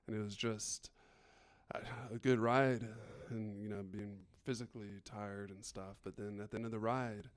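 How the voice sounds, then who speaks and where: A man's voice: fairly low pitch, steady tone, moderate pace. A man co-hosting a podcast, speaking in a reflective, meandering way with many fillers. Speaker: podcast co-host. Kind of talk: casual chat.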